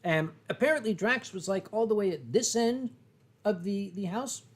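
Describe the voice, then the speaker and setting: High-voiced tipsy male stream host. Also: lively intonation, moderate pace. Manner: reads viewer chat and donations aloud, chuckling often. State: tipsy from drinking sake. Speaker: livestream host. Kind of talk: casual chat.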